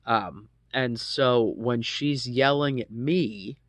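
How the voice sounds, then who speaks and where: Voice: medium pitch, slow, dry recording. An adult in their thirties casually telling a personal story, rambling with lots of ums and asides and swearing freely.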